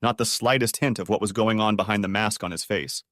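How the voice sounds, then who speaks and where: A man narrating a dramatic story in a steady, scripted reading. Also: on the low side, a little fast, no echo, clean studio sound. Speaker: audiobook narrator.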